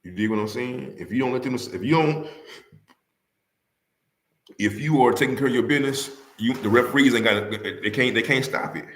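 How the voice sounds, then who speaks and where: A man's voice: medium pitch, moderate pace, pauses often, fairly bright tone. Heated man talking sports in an echoey room. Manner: heated, repetitive, rhetorical questions to the audience. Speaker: sports talk livestream host. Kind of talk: casual sports talk, arguing with fans.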